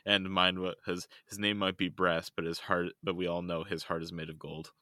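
A man's voice: low-pitched, little pitch movement, moderate pace, pushed and bright, no echo, clean studio sound. A man who is a guest on a podcast, rambling and joking in casual chat with frequent giggles.

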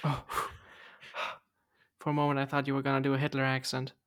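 A woman's voice: a bass voice, completely flat delivery, fairly quick. A woman from Germany co-hosting a podcast in casual chat, teasingly asking her co-host for accents.

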